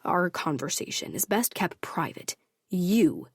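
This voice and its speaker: Cold commanding mafia don read by a woman narrator, low and breathy, dry booth. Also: sing-song, a little slow, no room sound, full character voice. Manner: clipped, controlled, authoritative.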